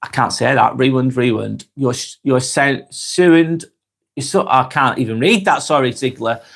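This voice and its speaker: A man's voice: medium pitch, unhurried, vocal fry, fairly bright tone. A man with a Lancashire accent, hosting a casual live stream and reading viewer comments aloud in a chatty, friendly way. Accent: Lancashire (Blackburn, Darwin). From northwest England. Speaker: live vlog host.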